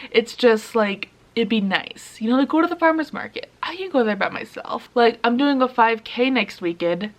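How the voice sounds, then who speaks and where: A woman's voice: a little high, a bit bright. A young woman talking candidly to the camera in a confessional vlog, laughing between sentences. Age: young adult. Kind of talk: casual confessional vlog chat.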